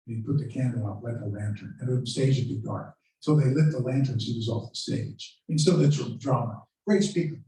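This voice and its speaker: A man's voice: mid-range voice, brisk, hardly any pauses, dark tone. A man giving a history lecture to a live audience, telling stories and acting out famous speeches with dramatic quotes. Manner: storytelling, dramatic quoting of speeches. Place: lecture room at a country club. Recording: very echoey room, voice from far off.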